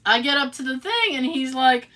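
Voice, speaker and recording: This woman has a high voice and talks at a moderate pace. As a podcast co-host, she tells a story in casual chat, animated and sarcastic, with asides and acted-out quotes.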